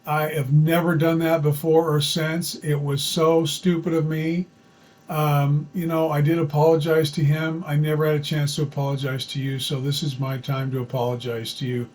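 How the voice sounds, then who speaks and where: A man's voice: fairly high pitch, level tone, normal speed, a little mellow, low-quality recording. A man telling a true story from his own life in a chatty, folksy way, with plenty of fillers and restarts. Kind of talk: casual personal storytelling.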